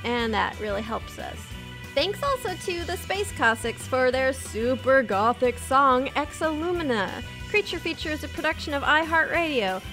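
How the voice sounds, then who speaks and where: A woman's voice: sits high, expressive, normal speed, over music. A woman hosting a podcast, wrapping up in a chatty, self-mocking way with a giggle. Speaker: podcast host. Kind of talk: casual podcast outro.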